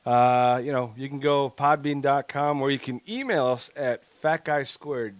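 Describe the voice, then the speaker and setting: A man's voice: medium pitch, measured pace, dry recording. A man co-hosting a casual podcast, joking around, laughing often and rambling with restarts. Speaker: podcast co-host.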